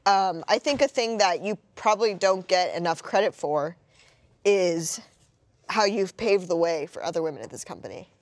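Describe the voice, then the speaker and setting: A woman's voice: lowish voice, moderate pace, no room sound. A woman telling a story about coworkers, swearing, laughing and brushing off praise. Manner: swearing, self-deprecating, laughing.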